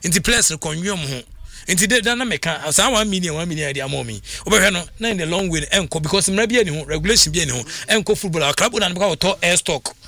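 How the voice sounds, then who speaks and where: A man with a Ghanaian accent talking football as a radio pundit, excitable and rambling, laughing often. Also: high-pitched, fast talker, no echo. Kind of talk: casual radio talk.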